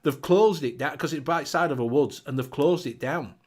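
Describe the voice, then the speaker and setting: A man's voice: on the high side, normal speed, breathy edge. A man hosting a casual live chat show, reading out viewer comments, laughing often and swearing casually.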